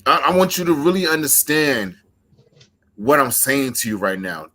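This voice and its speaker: A man's voice: mid-range voice, big pitch swings, normal speed, bright, forceful tone, a little hiss or hum. A man cutting a wrestling promo, intense and emphatic, repeating lines for effect.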